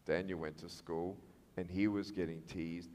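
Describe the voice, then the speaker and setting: A man giving a storytelling speech to students as a motivational speaker, animated and acting out the dialogue in different voices. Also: low-pitched, normal speed. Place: large school hall with an audience. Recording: echoey hall reverb.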